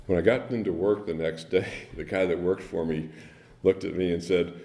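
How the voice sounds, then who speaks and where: A man giving a personal recovery story at a speaker meeting, halting, with many ums and restarts. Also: low voice, steady tone, warm tone, slight background noise. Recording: echoey meeting room.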